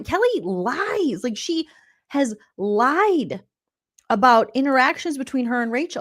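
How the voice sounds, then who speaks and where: A woman comedian recapping reality TV in a loud, profane, incredulous rant, laughing often. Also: a little high.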